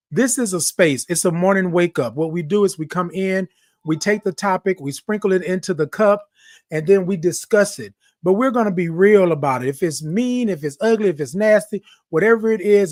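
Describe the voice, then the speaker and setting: A man's voice: high-pitched, no room sound, clean studio sound. A man hosting a morning livestream, playfully reading viewer comments aloud. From Texas. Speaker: livestream host. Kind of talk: casual livestream chat.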